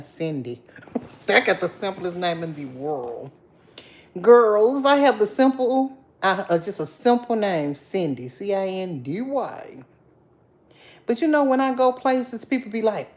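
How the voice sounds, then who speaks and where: A woman's voice: medium pitch, sing-song. A tired woman hosting a casual livestream, greeting viewers by name in a playful, sing-song way. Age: has a grown daughter. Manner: sings out greetings, drawn-out and playful. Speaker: livestream host.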